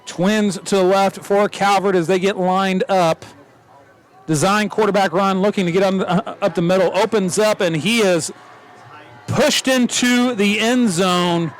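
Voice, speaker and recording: A man calling a live high school football game play by play, quick and joking as he corrects himself. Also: steady tone. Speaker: play-by-play announcer.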